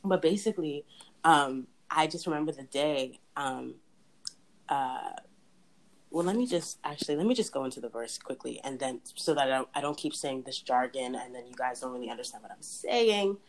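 A woman's voice: very deep voice, expressive, normal speed, rough recording. A young woman hosting a casual faith chat, talking in a chatty way with frequent laughs and restarts. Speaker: podcast host.

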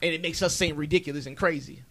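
A man's voice: a little high, fairly even intonation, fast, noisy background. A man comedian chatting on a podcast, rambling and emphatic, swearing freely. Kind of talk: casual podcast chat.

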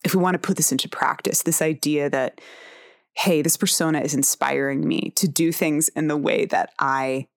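A woman in her forties talks on her tarot podcast in a low voice. She speaks frankly and candidly, swears freely and laughs easily. The recording is dry and close. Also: steady tone, normal speed, vocal fry, no echo. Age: 40s. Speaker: podcast host. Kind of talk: personal tarot podcast monologue.

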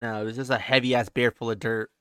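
A man's voice: mid-range voice, level tone, fast talker, fairly bright tone, smooth, no room sound. A young man telling a childhood story in a loose, profane way on a podcast, full of "like" and "he's like". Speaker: podcast co-host. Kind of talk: casual storytelling.

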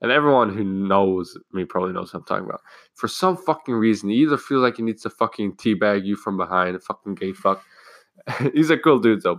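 Teen dude ranting about school, lots of swearing and restarts, lowish voice, dry close sound. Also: male voice, fairly bright tone, no echo. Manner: profane, rambling, full of restarts. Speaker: student telling a school story. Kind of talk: casual solo chat.

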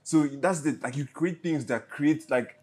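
Mellow-voiced male podcast host. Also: fairly high pitch, a little slow, breathy edge. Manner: relaxed, slangy, easygoing. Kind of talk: casual interview chat.

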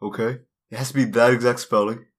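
A young man co-hosting a comedy podcast from a dorm room, dropping deadpan, absurd interjections. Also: medium pitch, fast, husky. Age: young adult. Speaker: podcast co-host. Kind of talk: casual comedic podcast banter.

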